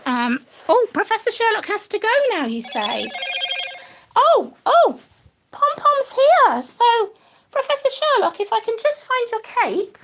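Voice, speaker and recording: A woman's voice: very high-pitched, a bit bright, a little hiss or hum. A woman talking to her pet rabbit in a playful, coaxing, sing-song way. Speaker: pet rabbit owner hosting a live stream. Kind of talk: doting talk to a pet rabbit.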